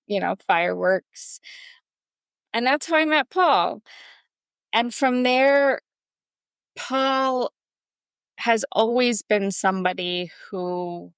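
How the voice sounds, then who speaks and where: A woman's voice: mid-range voice, no room sound. Chatty woman telling a story. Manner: chatty, many fillers like "um" and "like". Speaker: podcast guest. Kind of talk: storytelling in a casual interview.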